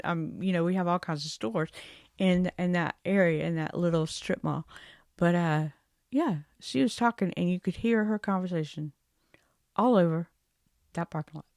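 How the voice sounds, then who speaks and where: A woman's voice: on the low side, dry recording, clean studio sound. A woman ranting casually to her camera in a vlog, chatty and exasperated, rambling with asides. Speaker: vlogger.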